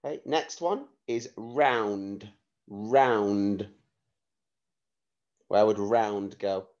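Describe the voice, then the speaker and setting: A man teaching a phonics lesson to young children, spelling words out letter by letter in a clear, slow dictation manner. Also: lowish voice, expressive, darkish tone, muffled recording. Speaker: primary school teacher.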